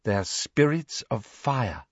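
Brief: man voicing a strange, solemn schoolgirl, lilting range, slightly husky. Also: medium pitch, lively intonation, slow pace, no room sound, voice pushed up. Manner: solemn, matter-of-fact, stubborn. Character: dreamy odd teenage schoolgirl. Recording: dry, slightly dull recording.

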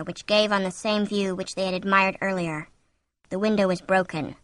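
A woman narrating a story in steady scripted narration, drawing out tense moments. Her voice is bright and forceful, recorded close and completely dry. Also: mid-range voice, no echo. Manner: steady storytelling, slowing for tension. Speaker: audiobook narrator.

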